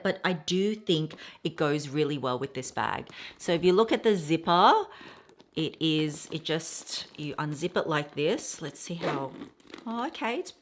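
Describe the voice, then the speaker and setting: A woman in her thirties talks casually to her viewers, rambling from one thought to the next. Her voice sits slightly low, and she tells stories with plenty of asides. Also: a bit bright. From Australia. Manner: chatty, rambling, storytelling with quoted voices. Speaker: vlogger. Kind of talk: casual haul chat.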